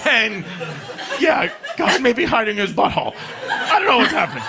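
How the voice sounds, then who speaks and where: Drunk male stand-up comedian, brash and profane, with a high voice. Loud, noisy live recording. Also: sing-song, fairly quick, vocal fry. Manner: brash, profane, shouting punchlines.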